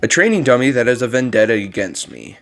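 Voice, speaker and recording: A man talking casually over his own gameplay in an offhand, self-deprecating way. His voice sits at a middle pitch for a man, with faint game music in the background. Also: big pitch swings, quick pace, creaky, fairly bright tone. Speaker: game channel host.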